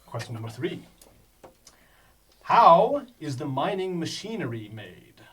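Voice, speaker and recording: A man's voice: on the high side, very animated, unhurried, a bit bright. A man running a tabletop game for beginners, quizzing players and chuckling as he stumbles over names. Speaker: game master. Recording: distant mic, faint background noise.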